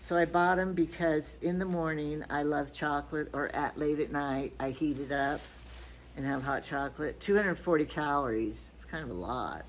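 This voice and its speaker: A woman's voice: low voice, moderate pace, slight background noise, poor audio. An older grandmother chatting casually through a shopping haul, rambling from item to item with stories and asides. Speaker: vlogger.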